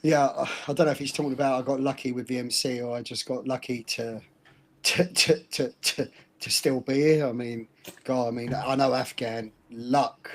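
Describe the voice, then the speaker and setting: A man's voice: medium pitch, fairly even intonation, normal speed. A middle-aged man, co-hosting a casual podcast and telling stories bluntly, with frequent laughs. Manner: laughing, blunt storyteller with mild swearing. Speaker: podcast co-host.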